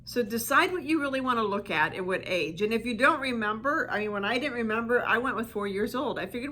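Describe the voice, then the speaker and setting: A woman's voice: fairly high pitch, lively intonation, fast, hardly any pauses, bright, forceful tone, a little hiss or hum. A woman coaching listeners on inner child healing in a reflective, conversational talk full of "you know" asides.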